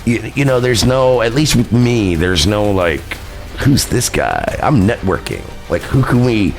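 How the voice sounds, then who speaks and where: A man's voice: on the low side, moderate pace, darkish tone, soft background music. A man telling a rambling, profane story on his livestream, laughing at himself. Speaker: streamer recounting a party. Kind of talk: casual livestream chat.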